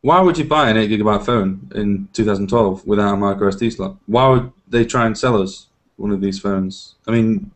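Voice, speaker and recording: A man's voice: fairly low pitch, moderate pace. A man on a casual tech podcast panel, skeptical and argumentative. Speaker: co-host panelist.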